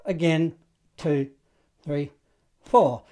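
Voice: mid-range voice, extremely slow, loud music behind the voice. Laid-back saxophone teacher scatting rhythms. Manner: casual, encouraging, scats rhythms and counts in. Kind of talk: online music lesson.

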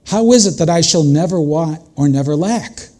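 A man's voice: on the high side, expressive, moderate pace, dark tone. An older man preaching a sermon as a pastor, earnest and conversational, speaking directly to his congregation.

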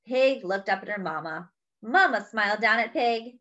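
A woman reading a picture book aloud to children, expressive and talking directly to her young listeners. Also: medium pitch, measured pace, muffled recording. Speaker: children's storyteller. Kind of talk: read-aloud story for children.

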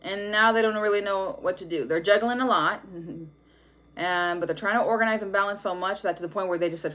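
A woman's voice: mid-range voice, fairly quick, a bit bright, a little hiss or hum. Brief: woman tarot reader, casual, blunt and profane delivery. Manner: blunt, profane, laughing often. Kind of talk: casual tarot reading to camera.

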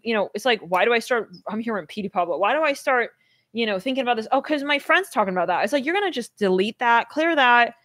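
A woman in a loose, wandering tarot reading, her voice sitting at an everyday middle pitch. She keeps stopping to restart her thoughts and fill gaps with ums and likes. The sound is dry and close, with no room around it. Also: fairly bright tone, no echo. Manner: rambling, full of fillers and self-corrections. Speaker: tarot reader. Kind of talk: casual tarot reading to camera.

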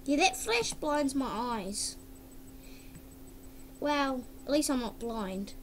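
A woman's voice: high voice, lively intonation, takes it slowly, background noise. A woman vlogging casually at her computer, exclaiming, giggling and humming along, recorded through a webcam mic. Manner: giggly, exclaims often, hums and sings along.

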